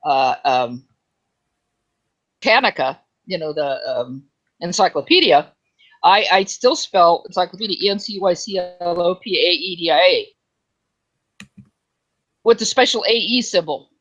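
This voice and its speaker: A woman's voice: fairly low pitch, expressive, highs cut off. A woman co-hosting a casual online group chat, chatty and rambling. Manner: chatty, rambling, quick to laugh.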